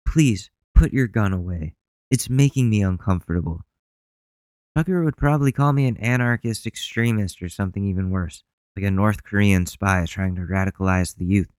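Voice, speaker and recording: Blunt, profane, ranting podcast host. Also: male voice, fairly low pitch, darkish tone, clean tone, no room sound. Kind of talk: solo podcast rant.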